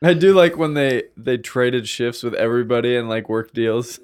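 A man's voice: medium pitch, moderate pace, a little mellow, smooth. A man in casual chat, telling a rambling, self-deprecating story with a lot of filler.

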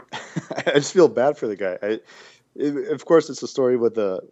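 A man co-hosting a podcast, rambling and animated in casual banter, full of restarts. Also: medium pitch, moderate pace, no room sound, highs cut off. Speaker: podcast co-host.

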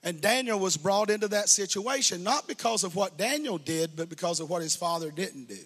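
A man's voice: sits high, fairly quick, a bit bright, husky. A man preaching a sermon to a congregation, building fervor and speaking straight to the listeners. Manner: preaching with rising fervor, call-and-response asides. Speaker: pastor. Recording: reverberant hall.

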